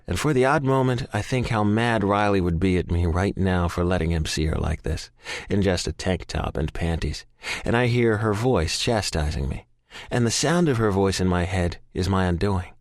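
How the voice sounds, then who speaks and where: Deep-voiced man narrating intensely. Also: no room sound, clean studio sound. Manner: intense, emotional, frequent swearing. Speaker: audiobook narrator. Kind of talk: first-person audiobook narration.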